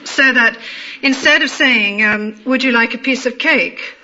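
A woman with a middle-class London accent, telling a personal story in a measured, amused way, in a dull lo-fi recording. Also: on the high side, pushed and bright. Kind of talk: personal anecdote told aloud.

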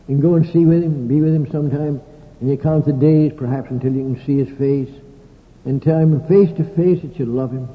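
An older male preacher delivers a sermon in a folksy, story-telling way, with dry humorous asides. His voice sits a little high. The sound is tinny, as on an old recording, with a long echo from a large hall.

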